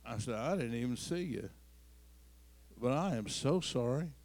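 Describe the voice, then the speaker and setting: A man preaching a sermon as pastor, moving between quiet storytelling and loud, climbing declarations. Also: medium pitch, lively intonation, unhurried, vocal fry, dry recording. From Missouri. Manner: swings from soft storytelling to loud, rising preaching.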